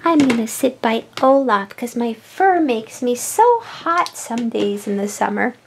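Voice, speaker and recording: A sweet little kitten toy , played by a woman, meows and purrs between her words in a toy play story. Her voice is high and soft, drawn out at a slow pace. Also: very animated, slight background noise. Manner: meowing and purring between words.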